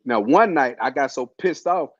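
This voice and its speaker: A host tells the story of his illness with lively intonation at a moderate pace, his mid-range voice casual, slangy and full of fillers. The recording is dry and has a dull lo-fi sound.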